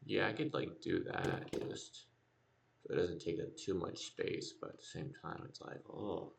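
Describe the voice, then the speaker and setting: Low gravelly dude streaming a build, rambling, thinking out loud, mic far away, loud noise behind. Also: male voice, animated, measured pace. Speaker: game streamer. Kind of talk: casual gameplay commentary.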